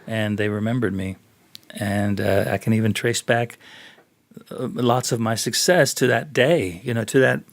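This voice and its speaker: A man, a bassist guest on a podcast interview, telling stories animatedly, acting out other people's voices and laughing often. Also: steady tone, moderate pace, no echo. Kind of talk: storytelling interview.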